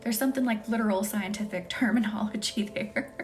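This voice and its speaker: A young woman hosting a live Reiki stream, chatting casually with viewers by name and often dropping into a soft whisper. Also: medium pitch, a little fast. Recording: faint music behind.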